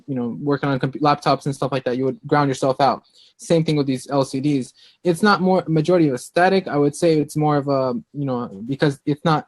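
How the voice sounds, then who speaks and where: A man's voice: mid-range voice, no echo. A man explaining technical points on a video call, casually and with many "you know"s. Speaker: phone screen refurbisher guest.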